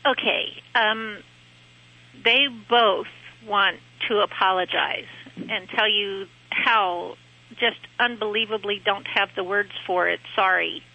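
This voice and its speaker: A woman gives a calm reading as an animal communicator, reassuring the caller in gentle tones. Her voice is bright and forceful. It comes through a dull lo-fi radio line. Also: medium pitch, creaky. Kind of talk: calm consoling phone reading.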